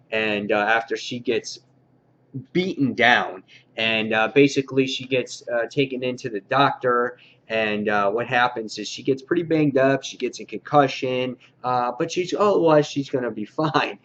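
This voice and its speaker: Guy rambling through a comic review, lots of uhs, kinda dull lo-fi sound. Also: medium pitch. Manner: casual, many "uh" fillers, loose rambling delivery. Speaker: comic book reviewer, host. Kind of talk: casual video review.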